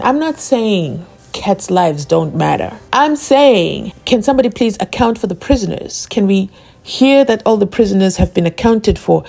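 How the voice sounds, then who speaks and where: A woman's voice: medium pitch, creaky, darkish tone. A woman hosting a casual commentary vlog, asking rhetorical questions and laughing often. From South Africa. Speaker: channel host.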